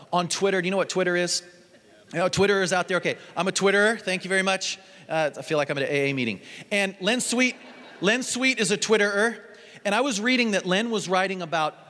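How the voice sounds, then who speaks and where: A man's voice: sits high, a bit bright. A man giving an earnest, storytelling conference talk to an audience in a large hall. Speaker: conference speaker. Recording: long hall reverb.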